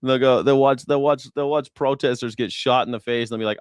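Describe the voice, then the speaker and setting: A man's voice: mid-range voice, fairly even intonation, quick pace, clear, resonant tone, no room sound, clean studio sound. A man streaming political commentary in a heated, profane rant, sarcastic and mocking his opponents. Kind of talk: ranting live stream commentary.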